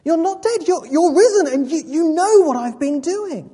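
A woman's voice: high-pitched, very animated, very slow, warm tone, voice pushed up, full character voice. A woman voicing a startled man who stammers in awed disbelief, recorded in an echoey hall. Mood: astonished. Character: startled man, stunned and awestruck. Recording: echoey hall with long reverb.

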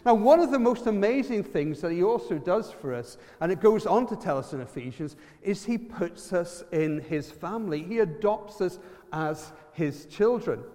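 A man with an Irish accent preaching a lively sermon, quizzing the congregation and using props. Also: high-pitched, normal speed, long reverb tail.

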